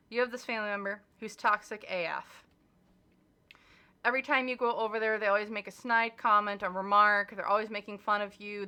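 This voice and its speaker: A young woman talks through a casual tarot reading in a bright, forward voice. She is blunt and emphatic, swearing without hesitation and slipping into little acted-out exchanges. Her pitch sits right in the middle of her range. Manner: animated and emphatic, acts out little dialogues. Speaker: tarot reader.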